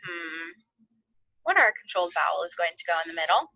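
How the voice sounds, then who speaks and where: Bright-voiced woman teaching phonics. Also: fairly low pitch, very animated, vocal fry, dry recording, dull audio. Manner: slow, sounding out letters, encouraging. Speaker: second grade teacher. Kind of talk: online phonics lesson.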